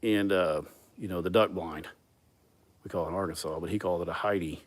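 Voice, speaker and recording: A man's voice: sits low, steady tone, brisk. A man, hosting a casual live chat and telling rambling, profane stories with frequent laughter. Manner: profane, laid-back, laughs often. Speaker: livestream host.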